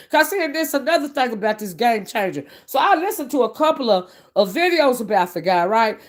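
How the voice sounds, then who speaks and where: A woman giving a blunt, preachy late-night livestream rant, often tagging her points with "okay?". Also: a little high. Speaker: online commentator.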